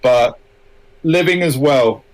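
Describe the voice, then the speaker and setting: A man offers casual, encouraging advice on finding ideas, rambling and repeating himself as he goes. His voice sits at an ordinary mid pitch, relaxed and conversational. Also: slow pace, poor audio. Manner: rambling, encouraging, restarts phrases. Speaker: writer guest.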